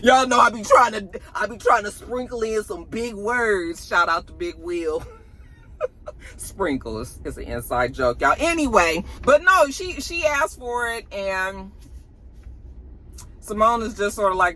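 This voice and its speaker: A woman's voice: medium pitch, big pitch swings, a little slow, bright, forceful tone. A woman, chatting casually about celebrity gossip to her viewers in a sassy, slangy way.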